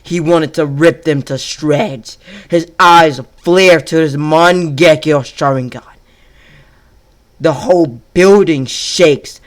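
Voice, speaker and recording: A man narrating an improvised fan-fiction story in a halting way, correcting himself as he goes. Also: a little high.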